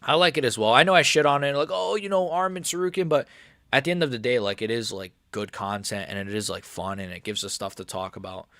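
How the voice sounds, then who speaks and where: A young man chatting casually during a live stream, excitable and rambling, and he keeps repeating how nervous he is. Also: fairly low pitch, quick pace, no echo, clean studio sound. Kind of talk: live watch-along chat.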